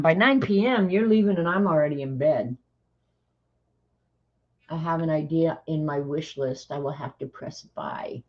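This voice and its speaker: Older woman, livestream host, slow and low-pitched, dry sarcastic asides to viewers, muffled lo-fi sound. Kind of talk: casual chat reading aloud to viewers.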